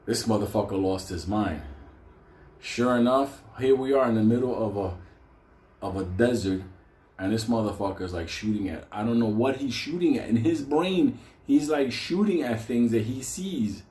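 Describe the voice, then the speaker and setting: A man telling a comedic story from his own life in a profane, animated way, laughing often. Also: medium pitch, normal speed. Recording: roomy echo.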